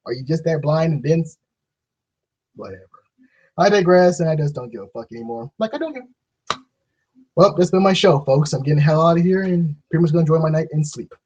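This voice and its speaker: Male vlogger, fairly high husky voice, sarcastic profane rant, dull lo-fi recording. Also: animated, a little fast, pauses often, a little mellow. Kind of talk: ranting monologue.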